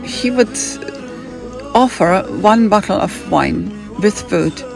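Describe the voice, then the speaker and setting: A woman's voice: medium pitch, takes it slowly, gravelly, music in the background. A woman from Hamburg with a German accent telling a rambling personal story, drifting off on tangents and acting out what other people said. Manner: digressive, acts out other people's lines.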